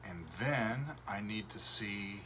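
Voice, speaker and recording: Bright-voiced man hosting a casual livestream. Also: on the low side, takes it slowly, a little hiss or hum. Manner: relaxed, rambling with many fillers. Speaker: show host.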